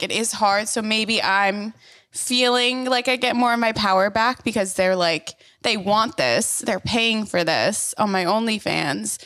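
A young woman co-hosting a podcast, chatting casually with crude jokes and lively storytelling. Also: mid-range voice, dry recording. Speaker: podcast co-host. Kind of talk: casual chat.

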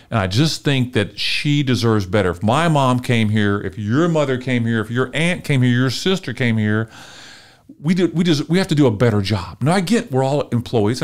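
A middle-aged man from Texas, a marketing consultant guest telling an animated, emotional story and acting out dialogue in a podcast interview. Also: mid-range voice. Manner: lively, emotional storyteller, often acts out dialogue.

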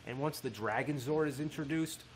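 A man giving a casual, animated spoken review of a TV show, swearing freely as he talks. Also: medium pitch, brisk, a little hiss or hum.

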